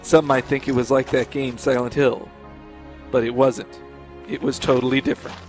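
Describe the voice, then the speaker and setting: A man's voice: medium pitch, steady tone, normal speed, faint music behind. A man co-hosting a gaming podcast, narrating a spoof story in a dry, sardonic way and swearing freely in casual chat. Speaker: podcast co-host.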